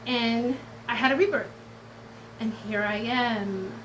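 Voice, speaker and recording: High-voiced, blunt, profane woman. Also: slow pace, fairly bright tone, slight background noise, low-quality recording. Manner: blunt and profane, swinging between defiant and tender. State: close to tears at times. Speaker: tarot and oracle reader. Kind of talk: emotional casual vlog talk to viewers.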